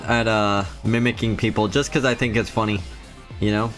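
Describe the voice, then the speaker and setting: Male streamer, lowish voice, chatty, reads chat aloud, soft music underneath. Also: fairly even intonation, normal speed. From Philippines. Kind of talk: casual live-stream chat.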